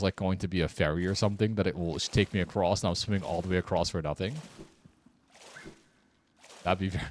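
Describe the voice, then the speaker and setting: Man, streamer, casual gameplay commentary, wry, sarcastic muttering, deep voice. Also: slight background noise.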